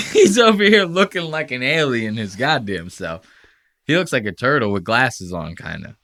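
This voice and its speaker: A man hosting a podcast, reacting to clips in casual, profane commentary and mocking the people he quotes with quick impressions. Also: medium pitch, sing-song, fairly bright tone. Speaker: podcast host.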